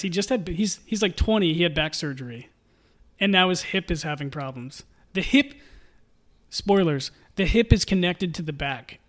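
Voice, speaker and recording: A young man hosting a solo sports podcast, talking fast and jokily with frequent laughter. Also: high-pitched. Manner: animated, joking, laughs often. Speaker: podcast host.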